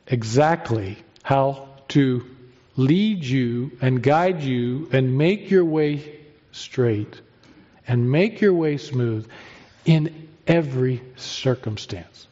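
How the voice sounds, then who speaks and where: A male pastor preaching a sermon with emphatic delivery, drawn-out pauses and rising stresses. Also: medium pitch, dark tone, muffled recording.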